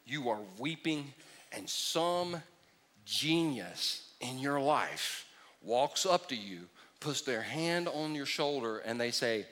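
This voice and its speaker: A middle-aged man preaching a sermon in an animated, joking way, acting out mocking impressions. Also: medium pitch, slow. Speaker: pastor.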